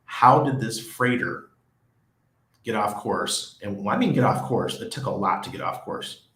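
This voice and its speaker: A livestream host living in Panama chats loosely and reads viewer comments aloud, rambling with frequent restarts and laughs. His voice is fairly low and a bit bright, animated, at a moderate pace. The room is echoey.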